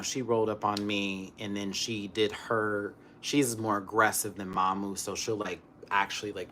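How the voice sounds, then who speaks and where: A man ranting casually on camera, swinging between loud outbursts and hushed muttering, still recovering from an illness. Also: fairly low pitch, a little hiss or hum. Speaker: vlogger.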